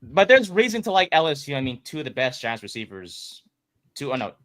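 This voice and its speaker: Lively bright-voiced man talking sports. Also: medium pitch, fairly quick. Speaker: podcast co-host. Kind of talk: casual sports chat.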